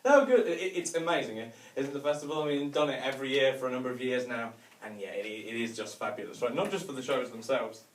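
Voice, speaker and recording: A man's voice: medium pitch, fast, hardly any pauses. A man from the North of England with a Northern English accent, doing a chatty, self-mocking stand-up routine with mild swearing. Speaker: stand-up comedian. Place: large hotel venue with a live audience. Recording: echoey room, distant mic, faint noise.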